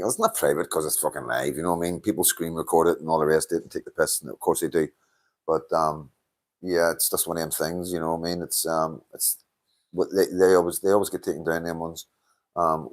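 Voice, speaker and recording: A Northern Irish man hosting a casual live stream, blunt and sweary, laughing often as he chats to viewers. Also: sits low. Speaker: livestream host reading chat.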